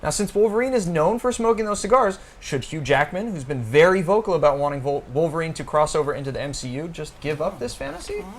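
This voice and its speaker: A man co-hosting a casual panel show, reading a news item in a lively, animated voice. He finishes by posing a question to the rest of the panel. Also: fairly high pitch, fast, few pauses. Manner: reads news then poses a question.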